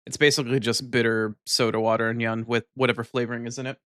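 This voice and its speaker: A man's voice: mid-range voice, little pitch movement, a bit bright, no echo, studio quality. A man live streaming, chatting casually with viewers, swearing freely and tacking a playful verbal tic onto his sentences between bites of food. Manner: loose, swearing, ends lines with a cat-like "nyan" tic; talks while eating, mumbled and unhurried.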